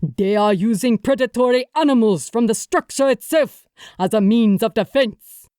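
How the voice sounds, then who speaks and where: A woman's voice: fairly high pitch, moderate pace, dark tone, clear, resonant tone, no room sound, clean studio sound, natural voice. A woman reading an audiobook, voicing a tall, muscular jackal-headed male god with a strong African accent and clipped, bouncing consonants. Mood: stern warning.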